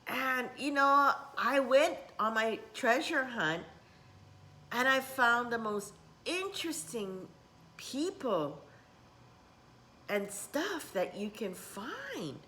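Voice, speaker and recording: A woman's voice: on the high side, big pitch swings, slow pace, slight background noise. A middle-aged woman who teaches spiritual workshops, rambling in a casual vlog and dropping in Japanese words. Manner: rambling, warm-hearted, mixes in Japanese words.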